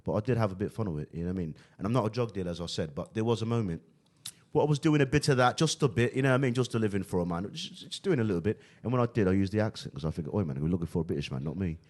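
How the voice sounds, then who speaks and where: A man's voice: on the low side, very fast, darkish tone. A young man with a Brooklyn accent hosting a casual podcast chat, streetwise and full of fillers. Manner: streetwise, fillers like "you know what I mean". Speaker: podcast host.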